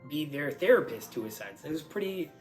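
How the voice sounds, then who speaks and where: A young man giving a casual spoken testimony, rambling with lots of "like" and restarts, and bursting into excitement as he relives moments. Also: a little high, brisk, faint music behind. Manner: rambling storytelling full of "like" and restarts.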